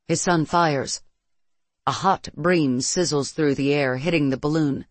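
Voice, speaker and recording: A narrator reading a first-person science-fiction story in a steady, measured way. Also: medium pitch, no room sound.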